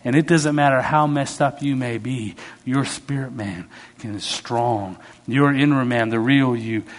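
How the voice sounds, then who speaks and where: A man preaching a sermon as a pastor, telling stories with sudden swings in pitch and loudness.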